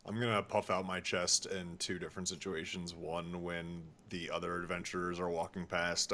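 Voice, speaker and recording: A man's voice: sits low, sharp tone, a little hiss or hum. A man playing a tabletop game, describing his character's actions in a playful, joking way. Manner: playful, jokey. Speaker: player. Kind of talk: casual chat at a game table.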